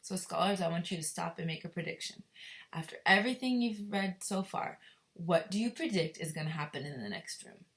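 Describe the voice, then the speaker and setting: A woman teacher reading aloud with a lowish voice. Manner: expressive, pauses to ask questions. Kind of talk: reading a novel aloud to children.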